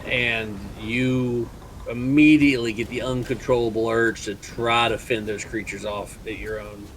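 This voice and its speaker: A man running a tabletop horror game as game master, narrating calmly and laughing with players. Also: medium pitch, slight background noise, low-quality recording. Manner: slow, relaxed storytelling with laughs.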